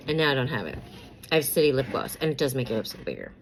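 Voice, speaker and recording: A woman's voice: extremely low pitch, very animated, racing, slight background noise, rough recording. A woman chatting casually about celebrity gossip while doing her makeup, rambling with many fillers and repeats, and sometimes whispering names as she pulls cards.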